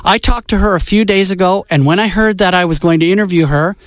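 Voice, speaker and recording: A man's voice: high-pitched, fast, no echo. A man co-hosting a casual music show, talking with wry, joking enthusiasm. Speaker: co-host. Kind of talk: casual podcast chat.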